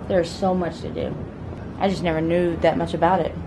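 A woman's voice: lowish voice, fairly even intonation, fairly quick, noisy background. A woman chatting casually to her camera on a family trip, laughing often and talking to her young child. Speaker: family vlogger, mother. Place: lakeside rental then small beach, outdoors and indoors.

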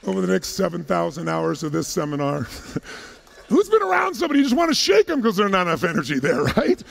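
A man giving an energetic motivational talk to a live audience, punchy and casual, throwing rapid questions at the crowd and joking with a bit of profanity. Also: sits high, gravelly. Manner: casual, jokey, a little profane. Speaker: motivational speaker. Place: large conference hall. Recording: long hall reverb.

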